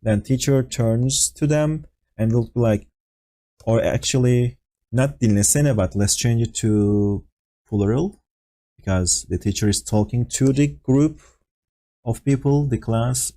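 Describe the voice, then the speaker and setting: A man's voice: mid-range voice, unhurried, warm tone. A man teaching a language lesson over an online voice call, explaining patiently with fillers and acting out example phrases. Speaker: Turkish teacher. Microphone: voice call on Discord.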